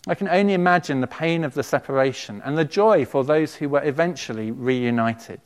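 A man, a pastor giving a sermon in a church, earnest and measured. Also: fairly high pitch. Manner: earnest, measured preaching with quotations read aloud.

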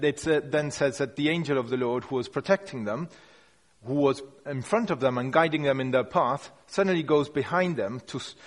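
A man delivers a relaxed, chatty sermon at a middling pitch. He often circles back and rephrases mid-thought. His voice carries a long hall reverb. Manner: conversational and unpolished, with frequent restarts and hedging words. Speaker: preacher. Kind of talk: informal sermon.

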